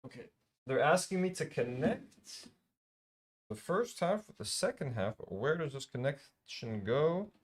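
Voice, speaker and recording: A man with a high voice and lively, swooping pitch talks through a live stream. His chat is casual and unpolished, and he swears freely as he thinks aloud. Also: measured pace.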